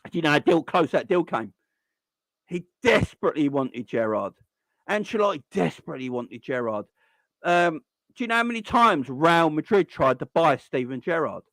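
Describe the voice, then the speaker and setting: A man's voice: a little high, a bit bright, no room sound. A young man, hosting a live stream and ranting in exasperation, stumbling over restarts when he gets wound up. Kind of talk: heated fan rant on a live stream.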